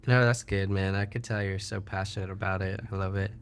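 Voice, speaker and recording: A man hosting a podcast, asking questions in a halting way with many fillers. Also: low-pitched, level tone, clear, resonant tone. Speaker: podcast host. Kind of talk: casual interview questions.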